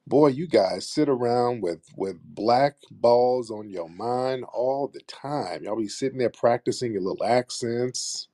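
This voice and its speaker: A man's voice: medium pitch, a little slow, hardly any pauses, dark tone, no echo, clean studio sound. A man hosting a live talk show, speaking bluntly and sarcastically in a streetwise manner. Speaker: host.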